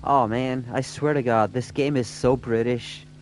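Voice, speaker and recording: A man's voice: medium pitch, fairly even intonation, unhurried, faint music behind. A man doing casual gameplay commentary, joking and stammering as he talks. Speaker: streamer.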